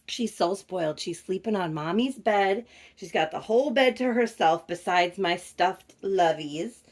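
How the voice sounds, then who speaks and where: Chatty, gushing woman vlogger. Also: medium pitch. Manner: animated, gushing, addresses viewers as "you guys". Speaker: reborn doll collector vlogger. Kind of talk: casual chatty storytelling to viewers. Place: bedroom at home.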